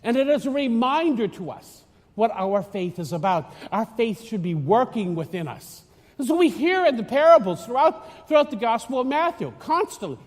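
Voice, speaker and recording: A man's voice: extremely high pitch, sing-song, normal speed. A man giving a chatty, teasing homily as a priest, rambling with many restarts, recorded in a church. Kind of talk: conversational homily. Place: church in Florida. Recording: long church reverb.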